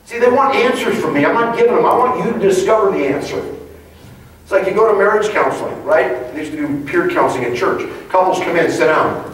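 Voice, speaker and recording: A man's voice: sits high, animated, fairly quick. A man leading a live leadership training talk to an audience, emphatic and conversational, acting out little dialogues. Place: large meeting room before an audience. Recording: very echoey room, distant mic, faint ambience.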